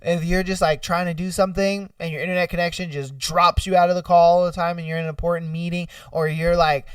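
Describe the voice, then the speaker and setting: A man's voice: fairly high pitch, flat delivery, quick pace, smooth, no echo, clean studio sound, distant mic. A man hosting a podcast, chatting casually and profanely, laughing often and acting out silly scenarios. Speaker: podcast host. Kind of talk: casual solo commentary reading listener ideas.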